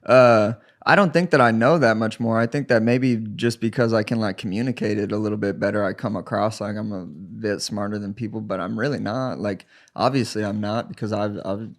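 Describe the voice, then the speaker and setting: A man's voice: lowish voice, brisk, few pauses. A man in his thirties, a guest on a studio podcast, talking in a modest, rambling way with lots of fillers. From United States. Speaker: guest fighter. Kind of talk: casual podcast chat.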